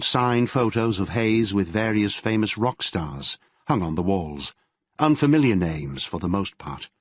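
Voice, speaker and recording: A man narrating an audiobook in a measured storytelling manner. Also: fairly low pitch, breathy edge, no echo. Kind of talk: scripted narration.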